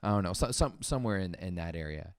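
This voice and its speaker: A young man hosting a podcast, chatting in a rambling, animated way with many fillers. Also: deep voice, quick pace, no room sound, clean studio sound. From Canada. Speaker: podcast host. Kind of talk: casual podcast chat.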